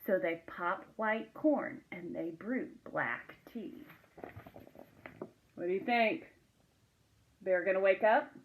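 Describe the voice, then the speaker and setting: A woman reading a children's picture book aloud, expressive and asking her listeners questions. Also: mid-range voice, slow pace, long pauses, poor audio.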